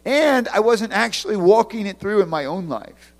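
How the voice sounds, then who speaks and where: Guy preaching, kinda high voice, animated storyteller, big echoey hall. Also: normal speed, gravelly. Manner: animated, storytelling, breaks into loud outbursts. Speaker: ministry leader. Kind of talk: conversational sermon talk. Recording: long hall reverb.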